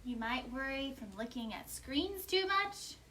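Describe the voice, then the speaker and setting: A woman children's librarian reading a picture book aloud at storytime, with an animated, sing-song delivery. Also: high voice, a little slow, background noise. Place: library storytime recorded at home or library.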